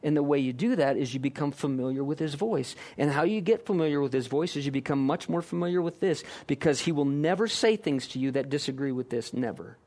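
A man's voice: fairly high pitch, animated, brisk, few pauses, darkish tone. A man preaching a sermon, emphatic and full of repeated rhetorical questions. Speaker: pastor.

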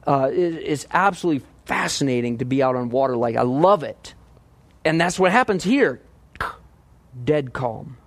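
A man preaching a verse-by-verse sermon in a conversational, animated way, often asking his listeners questions. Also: medium pitch, normal speed, dry recording. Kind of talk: expository sermon.

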